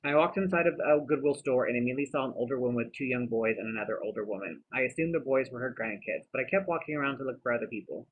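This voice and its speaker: A man's voice: medium pitch, rapid-fire, few pauses, husky. A man narrating his own vlog like a diary, chatty, with wry asides to the viewer. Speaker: vlogger narrating his giveaways. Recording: tinny phone-like audio with faint hiss.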